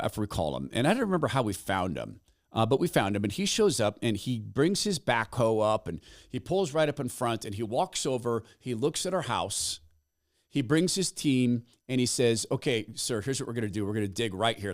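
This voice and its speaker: A middle-aged man hosting a podcast, telling a story in a casual monologue and acting out the people he quotes. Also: on the low side. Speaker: podcast host.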